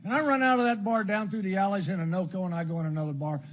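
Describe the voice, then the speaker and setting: A man's voice: high-pitched, fairly even intonation, very fast. Older man telling a blunt recovery story. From Illinois, US. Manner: blunt storytelling with dark humor and crude slang. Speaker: AA speaker. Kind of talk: recovery meeting share. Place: meeting hall before an audience. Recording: dull lo-fi talk recording with faint background noise.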